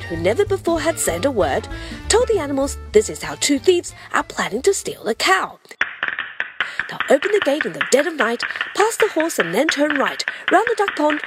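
A woman reads a rhyming children's picture book aloud. Her high voice bounces through a wide, playful melody in a sing-song rhythm. Loud music plays behind her the whole time. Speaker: storyteller.

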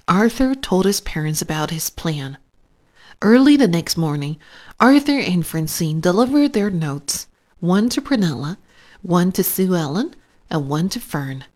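A woman narrating a children's storybook aloud in a gentle, clear, unhurried way. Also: lowish voice.

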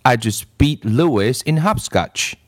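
A proud young schoolgirl, as voiced by a man reading aloud. The delivery is lively in pitch and unhurried. The sound is dry and close. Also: no echo.

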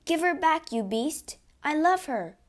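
A woman reading a storybook aloud and voicing a brave young male count who shouts in alarm. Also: medium pitch, animated, moderate pace, lightly acted. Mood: urgent.

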